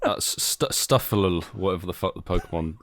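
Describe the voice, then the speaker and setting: A man's voice: low-pitched, a little fast, crowd noise. A man co-hosting a podcast, laid-back in casual banter and handing over segments. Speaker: podcast co-host.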